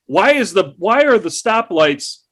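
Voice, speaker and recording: A man's voice: high voice, big pitch swings, measured pace, a bit bright. A man ranting and joking in a casual podcast chat. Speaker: podcast co-host.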